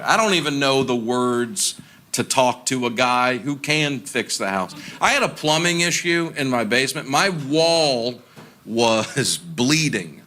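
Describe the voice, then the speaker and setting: A male stand-up comic with a slightly high voice works through a deadpan, self-deprecating story, slipping into other people's lines as he goes. He is on a live stage mic, and crowd noise is clearly heard under him. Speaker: stand-up comedian. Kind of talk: stand-up comedy set. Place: theater stage with a laughing audience. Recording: live show with audible audience noise.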